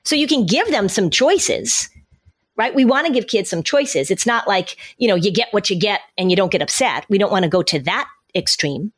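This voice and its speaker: A middle-aged woman talks through parenting advice on a podcast, laying out each step in plain order. Her voice sits at an ordinary middle pitch for a woman. She slips into short acted lines for a parent or a child as she explains. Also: animated, moderate pace, breathy edge. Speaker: parenting expert guest. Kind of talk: podcast conversation.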